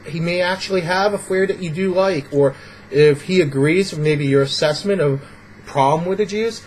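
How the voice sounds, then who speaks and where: Chatty man with a higher voice. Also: a little hiss or hum, poor audio. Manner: rambling, filler-heavy, acts out little scenes. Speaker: vlogger. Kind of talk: casual advice vlog.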